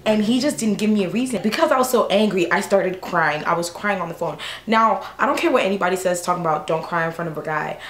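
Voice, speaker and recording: A woman in her twenties telling a storytime vlog, animated, exasperated and slangy, in an echoey room. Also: medium pitch, slight background noise. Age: 20s. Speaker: vlogger.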